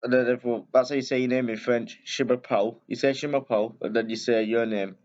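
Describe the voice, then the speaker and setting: A man's voice: medium pitch, level tone, fast, darkish tone, muffled recording. A man hosting a video, casually reading a picture book aloud with chatty asides and frequent self-corrections. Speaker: storyteller and video host.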